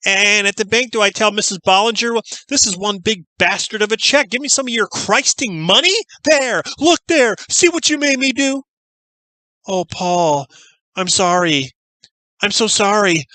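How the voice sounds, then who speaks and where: A man's voice: high voice, moderate pace, pushed and bright, dry recording, pitched above the performer's own voice. A man voicing an unhinged middle-aged woman nurse who swings from prissy sweetness into fury. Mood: mock-apologetic.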